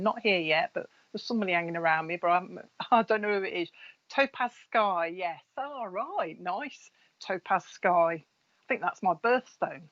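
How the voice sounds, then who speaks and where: A woman's voice: mid-range voice, fairly bright tone. A middle-aged woman, a spiritual medium chatting casually on a live stream, reading out viewers' names in a friendly, gossipy way. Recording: slightly dull lo-fi live-stream audio.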